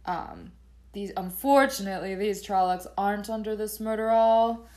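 A woman's voice: mid-range voice, moderate pace, a little mellow. A woman co-hosting a podcast, recapping chapters in a chatty way with dry asides and laughs. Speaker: podcast co-host. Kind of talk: casual book-club recap.

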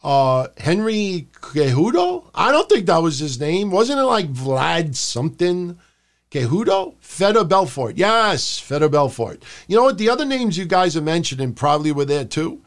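A man hosting a wrestling review podcast, talking casually and rambling, swearing freely and dropping into shouted impressions. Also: on the high side, big pitch swings, normal speed. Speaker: podcast host.

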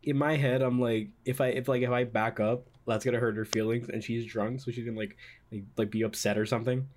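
A podcast host, a man at an ordinary middle pitch, tells a story in casual chat. He talks haltingly, with many restarts and fillers, and acts out his own past lines. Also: steady tone, slight background noise.

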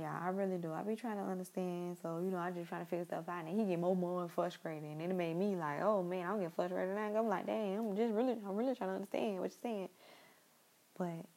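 A young woman speaks directly to her listeners in a casual, rambling monologue, often repeating herself. Her voice is medium-pitched, creaky, and mellow, and the recording quality is low.

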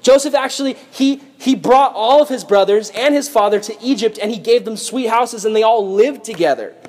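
High-voiced animated male preacher. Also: moderate pace. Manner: animated, acts out voices, laughs often. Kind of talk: sermon storytelling.

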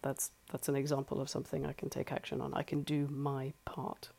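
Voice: medium pitch, completely flat delivery, brisk, vocal fry, darkish tone. A life coach giving earnest, conversational advice from home, repeating points for emphasis. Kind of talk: solo advice talk. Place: home flat.

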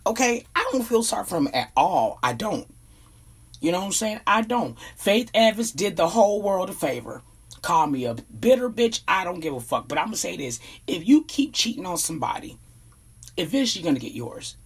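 Blunt woman ranting with husky voice. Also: medium pitch. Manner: blunt, profane, emphatic. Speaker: vlogger giving opinions. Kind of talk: casual commentary rant.

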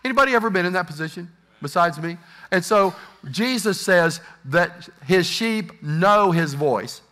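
A middle-aged male pastor delivers a sermon in a bright, forceful voice pitched slightly high. He addresses the congregation directly and now and then mimics hesitant inner voices. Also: animated, normal speed. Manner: preaching to a congregation, acting out inner doubts.

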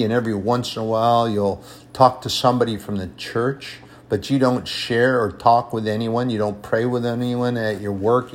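In a mid-range voice, a man delivers an emphatic sermon, restating his points for stress and reading scripture slowly in a raised voice.

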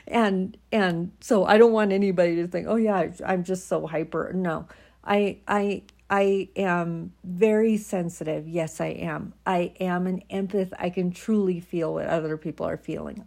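A woman's voice: lowish voice, vocal fry, a little mellow. A middle-aged woman talking candidly to her viewers in a folksy, emphatic way, laughing often as she tells personal stories. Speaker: vlogger.

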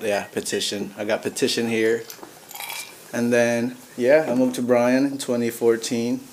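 A man's voice: mid-range voice, level tone, moderate pace, a little mellow, poor audio. Laid-back young man from the Philippines, mid-range voice, casual guest with faint background hiss. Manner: laid-back, slangy storytelling. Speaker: podcast guest. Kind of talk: casual podcast chat.

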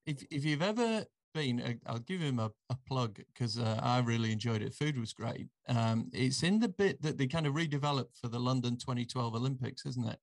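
A man's voice: medium pitch, expressive, a little fast, hardly any pauses. A man hosting a podcast in a rambling, casual way, full of ums and uhs. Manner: rambling, hesitant, with many fillers. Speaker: podcast host. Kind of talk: casual chat.

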